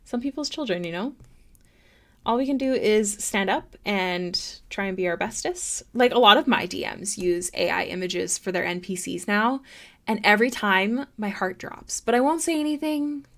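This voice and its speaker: A woman's voice: mid-range voice, normal speed. Woman streamer, casual live chat, reads chat aloud, talks with lots of fillers.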